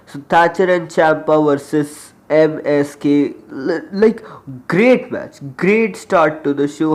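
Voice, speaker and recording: A young man with an Indian accent and a slight cold, rambling chattily through a casual wrestling review vlog as its host. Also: on the high side. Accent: Indian English. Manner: chatty and rambling, often trailing off.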